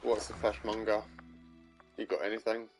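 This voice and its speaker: A man's voice: fairly low pitch, flat delivery, normal speed, faint music behind. Mumbling Scottish man playing a game. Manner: casual, swears often, mutters. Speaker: gaming streamer. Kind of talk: let's play commentary.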